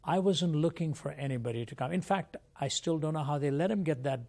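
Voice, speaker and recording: Gravelly older man telling his story. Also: on the high side, darkish tone. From India. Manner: reflective storyteller, measured and earnest. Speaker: guest, Christian apologist.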